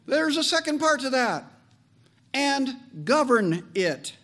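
A man preaching a sermon as pastor, animated and joking, leaning on slow emphatic phrases. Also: extremely high pitch.

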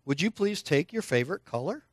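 A slightly fast, highish male voice belongs to an older preacher leading children through a church lesson and encouraging them to call out answers. Lively and coaxing, he talks right to the kids; the sound is dry and studio quality.

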